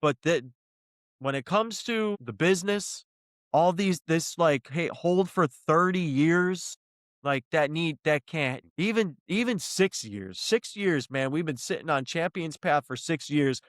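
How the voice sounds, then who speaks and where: A man's voice: on the high side, expressive, unhurried, no room sound, studio quality. A man co-hosting a casual podcast, worked up and ranting, swearing freely as he argues his point. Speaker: podcast co-host. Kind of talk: heated casual podcast discussion.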